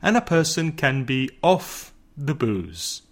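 Slow, lively teacher man. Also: fairly high pitch. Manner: slow, deliberate, spells words out, animated example lines. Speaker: English teacher, podcast host. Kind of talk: scripted language lesson.

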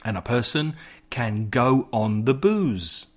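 A middle-aged man teaching slang in a slow, deliberate podcast lesson. He spells words out letter by letter and acts out short example phrases. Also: mid-range voice, animated. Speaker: English teacher, podcast host. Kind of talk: scripted language lesson.

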